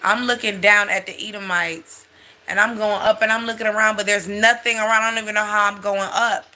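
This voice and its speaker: A speaker telling a personal story in a casual, animated, blunt way with frequent swearing. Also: mid-range voice, fairly quick.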